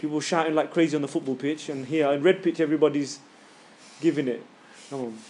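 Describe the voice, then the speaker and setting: A man's voice: on the high side, steady tone. Casual man teaching in class. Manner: casual, joking, demonstrates sounds loudly and slowly. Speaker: tajweed teacher.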